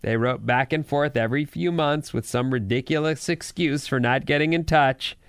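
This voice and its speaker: A man's voice: a little high, normal speed, smooth, no echo, studio quality. A man co-hosting a morning radio show, telling a story in playful banter and laughing easily. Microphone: studio microphone.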